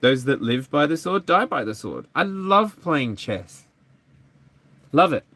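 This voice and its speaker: A man's voice: fairly high pitch, very animated, unhurried, fairly bright tone, no room sound. A man giving a live tarot energy reading, chatty and playful. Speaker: tarot reader.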